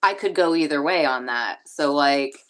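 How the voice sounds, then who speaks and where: A woman with a strikingly deep voice takes part in a casual chat. She speaks earnestly and a bit hesitantly, as if working out her thoughts aloud. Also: animated, moderate pace, a bit bright.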